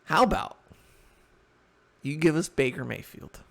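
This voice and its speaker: Animated young man, sports podcast chat. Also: on the high side, unhurried, vocal fry. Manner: animated, laughs loudly, breaks into mock impressions. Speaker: podcast co-host.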